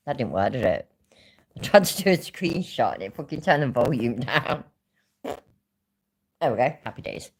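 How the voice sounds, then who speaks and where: A woman with a very deep voice talks over a video she is reacting to. She swears freely and speaks bluntly. Her pitch moves a lot as she talks. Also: sing-song, normal speed, pauses often. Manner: swearing, blunt, laughs often. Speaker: commentary streamer. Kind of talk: reaction commentary on a played stream.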